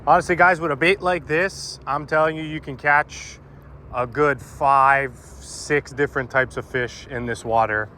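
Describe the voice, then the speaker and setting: Out on a river bank fishing, a vlogger chats informally with his viewers, calling them "boys." His mid-range voice is bright and forceful, with fairly even intonation and an unhurried pace, over slight background noise.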